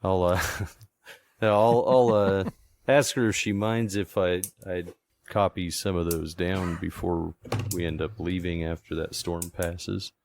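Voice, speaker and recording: A man's voice: deep voice, fairly even intonation, takes it slowly. A man playing a tabletop game, speaking hesitantly with many fillers. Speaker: player. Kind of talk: casual tabletop play.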